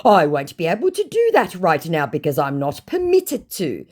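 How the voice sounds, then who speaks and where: A woman's voice: fairly low pitch, wildly swooping pitch, moderate pace, darkish tone, voice pushed up. A woman reading out a chat in the voice of a male scammer who poses as a lottery winner and talks in a gushing, overly sweet, pushy way. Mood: smooth.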